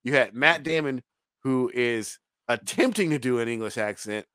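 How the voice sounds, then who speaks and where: A man's voice: mid-range voice, normal speed, fairly bright tone, clean tone, dry recording. A man co-hosting a podcast, reviewing a movie in casual, rambling, profane chat and laughing often. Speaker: podcast co-host reviewing a film.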